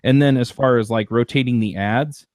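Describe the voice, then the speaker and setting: A man's voice: mid-range voice, fairly even intonation, moderate pace, darkish tone, no echo, studio quality. A man hosting a podcast, talking in a rambling casual way with many restarts and fillers. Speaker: podcast host. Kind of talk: casual chat.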